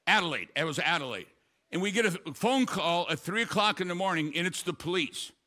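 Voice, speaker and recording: An older man preaching a sermon as pastor, with quick storytelling asides and sudden loud emphatic bursts. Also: high voice, expressive.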